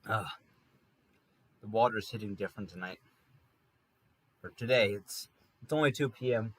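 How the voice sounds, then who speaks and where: A man's voice: lowish voice, normal speed, slightly rough, dry recording. A man telling a rambling, wry story in a casual monologue from an apartment room. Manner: rambling, self-correcting, wry. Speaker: podcast host. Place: room in an apartment near a highway.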